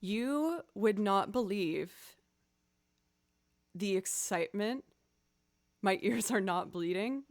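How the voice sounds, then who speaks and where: A woman's voice: mid-range voice, expressive, takes it slowly, long pauses. A woman chatting casually with viewers on a live stream, playful and goofy. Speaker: streamer and violinist.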